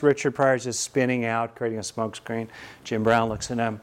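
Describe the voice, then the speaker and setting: A male meditation teacher speaks in a relaxed, conversational way, moving into stories to answer his students. His voice sits at an ordinary mid pitch. He sounds folksy and unhurried. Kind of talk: teaching talk with Q&A.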